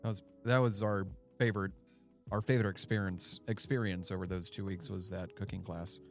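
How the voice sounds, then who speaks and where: Podcast co-host, man, lowish voice, easygoing delivery, faint music under. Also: fairly quick. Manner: relaxed, laid-back storytelling with swearing. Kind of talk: casual chat.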